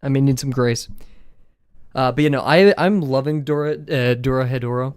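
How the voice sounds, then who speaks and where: A man's voice: mid-range voice, normal speed, darkish tone, clear, resonant tone, no echo, clean studio sound. A man chatting loosely and self-deprecatingly on a drawing livestream, his voice a little scratchy today. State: slightly scratchy voice. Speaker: art livestreamer. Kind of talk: casual live-stream chat while drawing. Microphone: desk mic, no camera.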